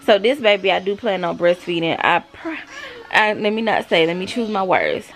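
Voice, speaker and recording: Gravelly-voiced mom chatting to camera. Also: female voice, mid-range voice, expressive, normal speed. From South Carolina, US. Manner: chatty, confiding, talks straight to viewers. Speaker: vlogger, mother. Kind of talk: casual chat to camera. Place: at home.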